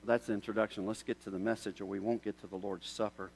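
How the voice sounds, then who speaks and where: A man preaching a sermon. He tells a story in a conversational way, then builds to loud, emphatic questions. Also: lowish voice, fairly even intonation, fast talker, gravelly, a little hiss or hum, poor audio. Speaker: pastor.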